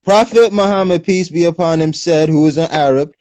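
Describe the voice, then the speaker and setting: Guy with a bit of an american lilt chatting on a phone livestream, kinda high voice, dry close sound, animated and slangy. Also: brisk, few pauses, dry recording. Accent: English with a slight American lilt. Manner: animated, explaining, street slang. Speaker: livestream host. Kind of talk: casual chat on a livestream.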